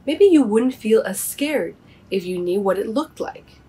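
A kind, patient old owl from a children's storybook, explaining in a gentle, measured way, as a woman reader puts him on. The voice is soft and a bit breathy, never hurried. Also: mid-range voice, expressive. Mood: kindly.

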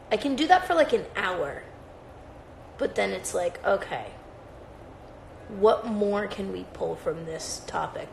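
A woman's voice: medium pitch, vocal fry, darkish tone, slight background noise. A woman hosting a livestream, chatting in a rambling, profane, casual way. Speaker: livestream host. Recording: roomy echoey sound.

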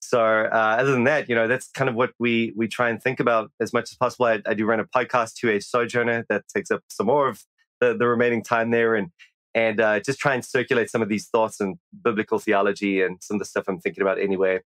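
A man's voice: fairly low pitch, level tone, quick pace, a bit bright, dry recording. A man from South Africa with a South African accent tinged with American, a pastor chatting casually as a podcast guest, self-deprecating with many restarts. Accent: South African, mixed with some American.

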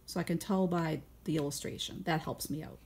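A woman teacher reading a picture book aloud to young children at home over video, stopping to ask gentle guiding questions and explain her thinking patiently. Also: low voice, fairly even intonation, a little fast, breathy edge.

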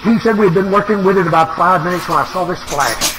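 A man's voice: high voice, quick pace, low-quality recording. A man preaching a sermon, telling a dramatic story with an emotional delivery. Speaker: evangelist preacher.

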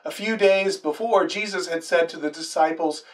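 Man, pastor, sermon, high-pitched, distant mic. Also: moderate pace, few pauses. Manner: dramatic storytelling with quoted dialogue.

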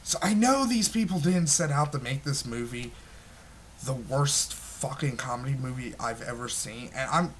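A man's voice: mid-range voice, normal speed, a little hiss or hum. A man in his twenties reviewing a movie in an agitated, heavily profane rant, full of stumbling restarts. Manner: smoking while talking.

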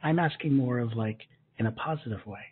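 A man leading a guided gratitude meditation as a spiritual teacher, speaking softly and slowly in a soothing way. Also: mid-range voice, slightly rough. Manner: soft, slow and soothing, with gentle repetitions. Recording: muffled lo-fi narrow-band audio.

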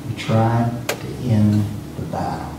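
Preacher's voice echoing from afar. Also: male voice, fairly low pitch, monotone, slow pace, noisy background. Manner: emphatic, repeats words when speeding up. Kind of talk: sermon. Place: church sanctuary. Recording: echoey church from far off.

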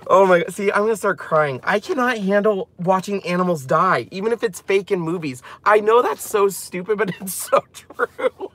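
A man presenting a craft channel, chatting casually and rambling excitedly as he walks through a product. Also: high voice, moderate pace, hardly any pauses, no room sound.

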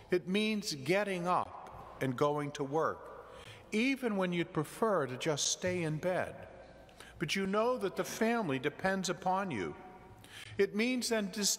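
Slow, lively priest preaching. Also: male voice, high-pitched. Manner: gentle storytelling with jokes. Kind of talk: sermon. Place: church. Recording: church with long reverb.

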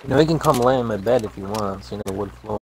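Deep-voiced dry man on stream. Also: fast talker, a little hiss or hum, rough recording. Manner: dry, wry remarks. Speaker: stream co-player. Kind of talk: casual gaming stream chat.

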